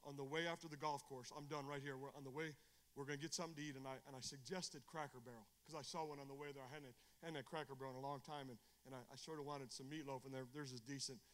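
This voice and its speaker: This middle-aged evangelist preaches fast and passionately at a Bible study, his intonation fairly even. He frequently repeats himself and restarts, alternating loud outbursts with quiet, confiding remarks.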